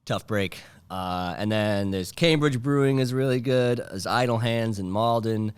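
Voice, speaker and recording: A man hosting a casual comedy podcast, rambling and sardonic, breaking into loud mocking impressions. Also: fairly low pitch, unhurried, clear, resonant tone, dry recording. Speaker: podcast host. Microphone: studio mic.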